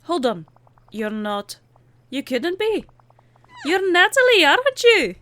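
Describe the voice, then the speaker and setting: A woman's voice: very high voice, sing-song, slow, a bit bright, pitched above the performer's own voice, full character voice. A woman voicing a spirited young Scottish princess with an exaggerated put-on Scottish accent, reading game dialogue aloud. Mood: excited.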